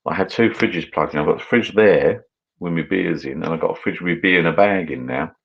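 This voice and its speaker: A British channel host runs a casual live stream, chatting loosely and reading viewer comments aloud while he drinks. His voice is low, creaky, and fairly quick, and the audio sounds dull.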